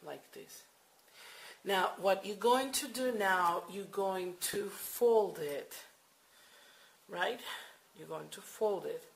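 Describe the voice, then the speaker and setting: At home at night, a woman who makes crochet tutorials explains the steps casually and hesitantly, filling her talk with fillers and repeating instructions. Her mid-range voice is slow with vocal fry, and she pauses often. The recording quality is low.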